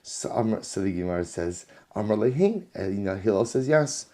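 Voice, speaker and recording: Low-voiced rabbi telling a Talmud story. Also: male voice, fairly quick. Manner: animated storytelling, repeats phrases for emphasis; reads Aramaic text aloud, then explains it in English. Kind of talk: Talmud class.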